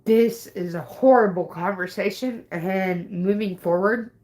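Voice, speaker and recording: A woman's voice: medium pitch, unhurried, darkish tone. A woman ranting angrily at her viewers on a livestream, upset and swearing, threatening people in the chat. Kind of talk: angry livestream rant.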